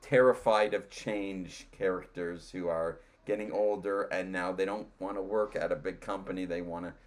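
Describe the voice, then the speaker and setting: A man hosting an interview podcast, animated and jokey, often jumping in on his guest. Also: low-pitched, normal speed. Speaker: podcast host. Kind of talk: casual interview conversation.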